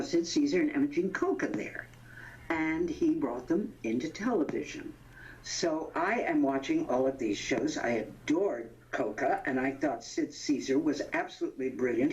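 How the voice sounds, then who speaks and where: An older woman in her eighties with a low voice reminisces as an interview guest. She tells stories animatedly, laughs often and pauses to hunt for names. The sound is dull and lo-fi. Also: darkish tone. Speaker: interview guest, veteran actress. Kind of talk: anecdotal reminiscing.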